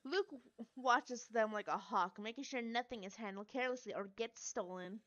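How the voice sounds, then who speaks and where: Bright-voiced woman streamer reading a game. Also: a little high, moderate pace, highs cut off. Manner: chatty, giggly asides. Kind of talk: reading a story game aloud.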